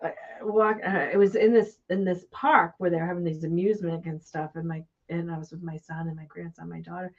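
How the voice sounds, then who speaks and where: An older woman hosting a live broadcast, telling a personal story in a lively way and laughing at herself, her voice jumping higher when she gets excited. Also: brisk, hardly any pauses, highs cut off. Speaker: host. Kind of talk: casual conversation on a live broadcast.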